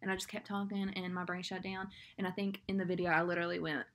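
A woman's voice: on the low side, little pitch movement, quick pace, fairly bright tone. A young woman, rambling anxiously and doubting herself in a casual vlog. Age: young adult. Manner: anxious, rambling and self-doubting, with nervous laughs. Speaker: vlogger. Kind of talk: casual vlog talk to camera.

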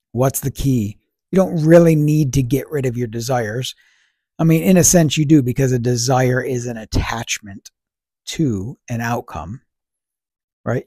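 Male podcast host, slightly raspy, casual reflective delivery, asks and answers his own questions. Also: mid-range voice, mellow, dry recording, studio quality. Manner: asks rhetorical questions and answers them himself; conversational, fillers like "you know" and "right".

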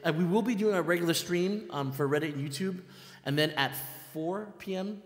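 Excitable man, echoey long-reverb room. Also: sits high, fairly quick. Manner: excitable, rambling, lots of fillers and restarts. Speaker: band leader and live stream host. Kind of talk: casual live stream chat.

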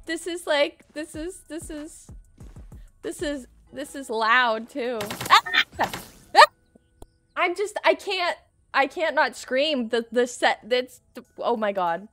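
A young woman doing casual commentary while playing a shooter game, excitable and screaming often, laughing and swearing between calmer stretches. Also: high-pitched, slow, soft background music. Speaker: gaming streamer.

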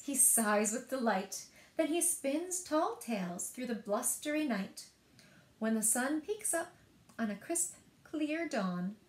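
A woman librarian reading children's picture books aloud in a rhythmic, expressive way. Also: a little high. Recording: echoey room.

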